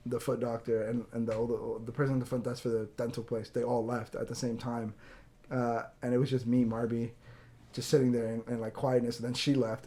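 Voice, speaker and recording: A man's voice: mid-range voice, warm tone. A young man hosting a podcast, rambling through an anecdote in casual chat and acting out the people he quotes, with some swearing. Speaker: podcast host.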